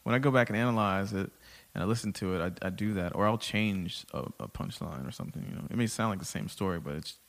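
Low-voiced comic dude rambling about his craft, frank, kinda self-deprecating. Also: quick pace, vocal fry, hardly any pauses. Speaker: stand-up comedian guest. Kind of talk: casual chat.

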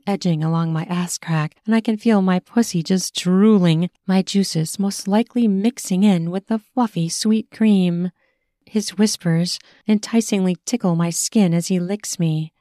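A woman narrating a first-person erotic audio story in a slow, sensual reading voice. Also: fairly low pitch, mellow, no echo, clean studio sound.

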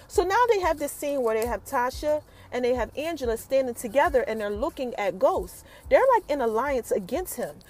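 Animated high-voiced woman recapping an episode. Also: moderate pace, few pauses. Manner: animated, chatty, keeps calling out to viewers. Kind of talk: casual spoken recap addressed to viewers.

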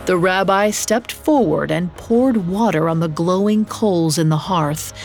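A woman narrating a scripted story in a measured, steady reading. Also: fairly low pitch, over music.

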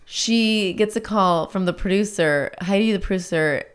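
A woman's voice: medium pitch, clear, resonant tone. A woman co-hosting a podcast, casually chatting about a documentary series and readily agreeing with her partner. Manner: chatty, agreeable, quick reactions and laughs. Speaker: podcast co-host. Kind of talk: casual chat recapping a docu series.

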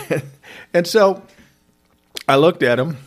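A man's voice: fairly high pitch, expressive, slow pace. A middle-aged man casually telling a personal story, wry and often laughing as he goes. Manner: wry, laughing, self-described smart aleck.

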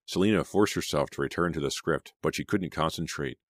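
A man narrating an audiobook in a measured storytelling manner. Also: very deep voice, dry recording. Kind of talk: scripted narration. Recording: dry close studio sound.

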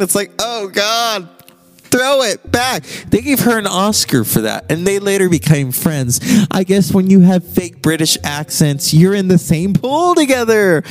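Man, podcast host, casual monologue, irreverent, swears, fairly high voice, faint music behind. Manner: animated, irreverent, swears freely, jumps between mock voices.

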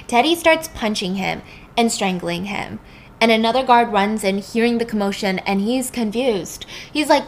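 A woman's voice: mid-range voice, slight background noise. A young woman casually retelling a movie plot in a chatty, slangy, emphatic way. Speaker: storyteller.

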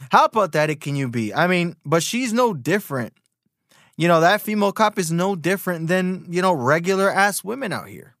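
Animated man ranting on a podcast. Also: on the high side, dry recording, clean studio sound. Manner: animated storytelling with many fillers. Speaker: podcast host. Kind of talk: casual podcast rant.

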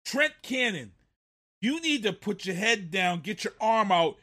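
A man's voice: high-pitched, lively intonation, a little slow, sharp tone. A man hosting a sports talk show, ranting in a heated way about a football play and repeating himself. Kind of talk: casual sports commentary.

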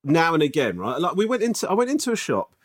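A man, telling animated stories in a casual podcast chat and swinging into mock outrage. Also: a little high, quick pace.

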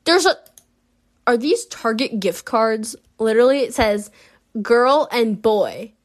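A young woman chats on a casual vlog at an unhurried pace, her voice sitting a little high. She sounds openly baffled, breaking into laughs and loose fillers as she rambles. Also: expressive. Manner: rambling, incredulous, laughs often, many fillers. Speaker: vlogger. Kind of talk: casual unscripted commentary.

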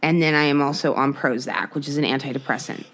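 A young woman with a notably low voice, talking candidly in a relaxed podcast chat. She rambles, restarts and swears freely as she shares with her co-host. Her delivery is loose and conversational. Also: fast talker, a little hiss or hum. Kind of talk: casual chat.

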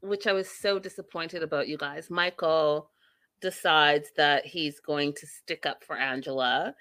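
Bright-voiced woman doing a casual recap vlog, blunt, opinionated, swears a lot. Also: low-pitched, fairly even intonation, unhurried, no room sound. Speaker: reality TV recapper.

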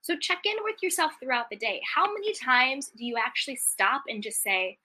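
A woman's voice: sits high, very animated, fairly quick, hardly any pauses, pushed and bright. A woman giving a motivational self-help talk, speaking straight to her listeners in an encouraging tone and often repeating key phrases.

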